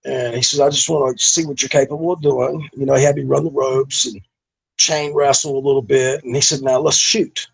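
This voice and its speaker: A man's voice: medium pitch, little pitch movement, fairly quick, gravelly, husky. A middle-aged man, a former pro wrestler, telling stories from his career in a laid-back, profane way, with lots of fillers. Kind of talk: casual storytelling interview.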